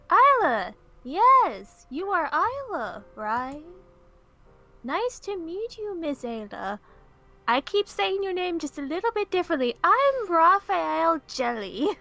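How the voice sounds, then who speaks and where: A woman's voice: very high voice, sing-song, takes it slowly, sharp tone, faint music behind, exaggerated voice. A woman reading aloud as a kindly, welcoming male priest. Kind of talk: reading a story game aloud in character.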